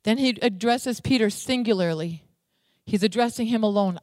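A woman's voice: mid-range voice, normal speed, darkish tone, no room sound. A woman preaching a sermon, emphatic, dwelling on single words and repeating them for weight.

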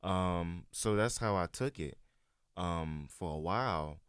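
Deep-voiced man telling a slow, rambling story. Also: smooth, no echo, studio quality. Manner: relaxed, rambling storyteller with many fillers. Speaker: guest sharing his church experience. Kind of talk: casual chat.

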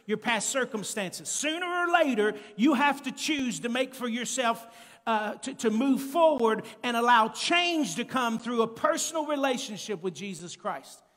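A male preacher delivering an emphatic sermon, calling out to the congregation and building up to shouted peaks. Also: very high-pitched, expressive, moderate pace. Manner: calls to the congregation. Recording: long church-hall reverb.

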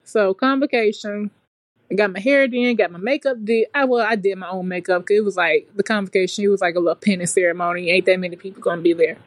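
A young adult woman telling a story in a relaxed, chatty way, as a podcast guest. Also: mid-range voice, quick pace, dry recording. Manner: relaxed, chatty and colloquial, with frequent fillers. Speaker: podcast guest, nursing graduate. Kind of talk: casual storytelling chat.

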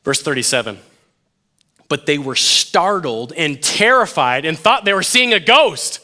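Animated, jokey male preacher. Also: fairly high pitch, measured pace. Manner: animated and jokey, acts out quotes, addresses listeners as "you guys". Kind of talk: casual conversational sermon.

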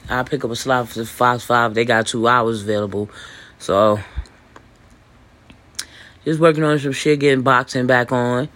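A man hosting a podcast, talking in a loose, boastful monologue full of fillers, restarts and swearing, with hiccups and throat clearing. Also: medium pitch, fairly even intonation, unhurried, long pauses, a bit bright. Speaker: podcast host. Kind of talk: rambling casual monologue. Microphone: voice message recording.

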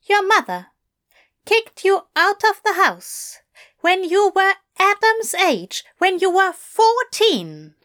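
Woman voicing a gentle, concerned man. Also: very high-pitched, sing-song, slow pace, pitched above the performer's own voice, exaggerated voice. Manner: soft, concerned questioning. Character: gentle, earnest man, caring and probing. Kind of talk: audiobook reading of fiction.

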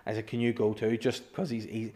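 A man's voice: lowish voice, little pitch movement, brisk, dark tone. A man in casual chat, telling anecdotes, swearing and acting out what people said. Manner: swearing, laughs through his stories, acts out dialogue. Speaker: storyteller guest.

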